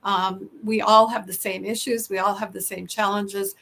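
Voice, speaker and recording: Creaky-voiced woman podcast host. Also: mid-range voice, little pitch movement, normal speed, a bit bright. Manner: earnest, many fillers and restarts. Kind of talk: casual interview chat.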